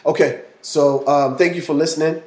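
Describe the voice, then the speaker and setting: A man hosting a casual solo podcast, talking to his listeners in a relaxed, conversational way. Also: fairly high pitch, normal speed, echoey room. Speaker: podcast host.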